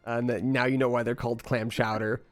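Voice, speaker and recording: A man's voice: mid-range voice, flat delivery, a little fast, dry recording. A man narrating as game master in a loose, filler-heavy way.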